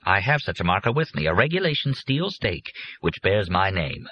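A man voicing a calm, confident older businessman who explains his land deal to his son in a persuasive, matter-of-fact way. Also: low voice, normal speed, breathy edge, exaggerated voice. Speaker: father. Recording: muffled lo-fi recording.

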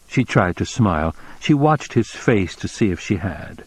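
Slow, low-voiced male narrator. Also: big pitch swings, husky, no room sound. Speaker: audiobook narrator. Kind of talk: scripted narration.

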